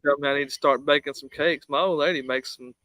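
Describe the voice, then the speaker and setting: A man's voice: on the high side, fairly even intonation, quick pace, sharp tone, dry recording, poor audio. A man in casual chat, blunt, salty and rambling.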